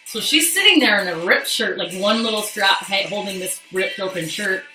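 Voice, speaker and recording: A woman's voice: medium pitch, animated, normal speed, pushed and bright, distant mic. A young woman telling a personal story on a live stream, candid and profane, chatting with viewers. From Canada. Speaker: livestream host. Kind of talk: casual storytelling. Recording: echoey room, off mic, faint music.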